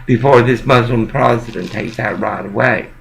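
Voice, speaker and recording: A man's voice: mid-range voice, normal speed, gravelly, a bit bright, low-quality recording. A man from Texas, delivering a heated, profane, rambling monologue to the camera.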